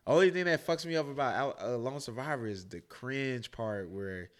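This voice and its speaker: Smooth-voiced man, casual podcast chat. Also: mid-range voice, moderate pace. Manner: loose, profane, gets loud and worked up. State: sleepy from drinking. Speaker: podcast co-host.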